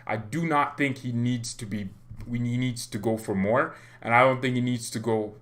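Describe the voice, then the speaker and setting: A man's voice: medium pitch, steady tone, moderate pace, fairly bright tone. A man hosting a football fan channel, chatting casually, joking and going off on tangents. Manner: chatty, joking, rambling with self-interruptions. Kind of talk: casual vlog commentary.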